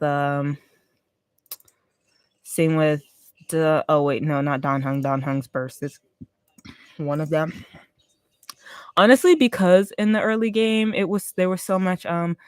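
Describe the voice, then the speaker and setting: A chatty, expressive game streamer talks through a live stream in a dry, close sound. The voice is a little congested, sitting at a middle pitch, and it explains strategy while thinking out loud. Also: clean tone, dry recording. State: congested, sniffling. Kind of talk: casual gaming live-stream commentary.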